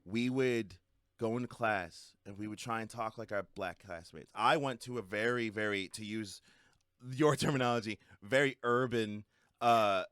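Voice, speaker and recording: A man co-hosting a casual podcast chat, animated and swearing, shifting his way of speaking when he gets worked up. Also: on the low side, moderate pace, clean tone, dry recording, studio quality. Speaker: podcast co-host.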